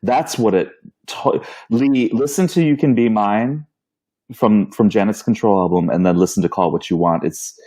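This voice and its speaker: A man co-hosting a podcast in casual chat, animated and quick to laugh. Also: lowish voice. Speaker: podcast co-host.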